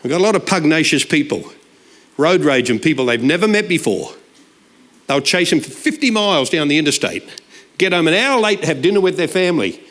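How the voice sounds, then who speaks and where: Guest preacher, sixties, high voice, animated joking delivery that jumps into shouted punchlines. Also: male voice. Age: 60s. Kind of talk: humorous sermon storytelling.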